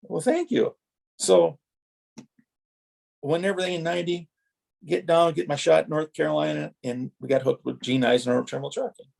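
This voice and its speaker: Raspy fry-heavy middle-aged guy from wisconsin telling racing stories, rambling. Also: fairly high pitch, moderate pace, pauses often. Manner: animated anecdotes, acts out quoted exchanges. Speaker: retired racer, podcast guest. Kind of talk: rambling storytelling.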